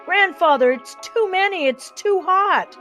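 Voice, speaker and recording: A woman's voice: sits high, expressive, unhurried, soft background music, voice pushed up. A woman voicing a young boy who is curious and scared in a storybook reading. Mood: wondering.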